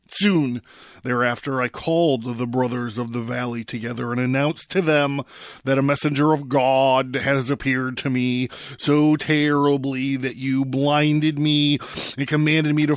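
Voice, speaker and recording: A man's voice: medium pitch, no room sound, studio quality, lightly acted. A man voicing a frightened old monk who accuses the stranger, read aloud in an agitated, accusing way. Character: frightened old monk, angry then plaintive.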